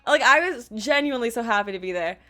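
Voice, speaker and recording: A woman's voice: a little high, lively intonation, quick pace, sharp tone. A young woman streamer telling a story in a casual, gushing, chatty way, full of "like" and acted-out quotes. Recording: faint music behind the voice.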